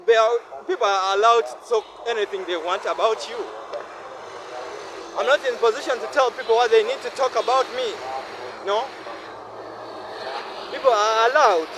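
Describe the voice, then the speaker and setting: A man's voice: very high-pitched, moderate pace, long pauses, background noise. A man in his twenties from Uganda with a Ugandan accent, talking earnestly in a casual vlog monologue and often checking in with the listener. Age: 20s. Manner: earnest, repetitive, asks listener "no?". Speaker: vlogger. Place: outdoors by a city road.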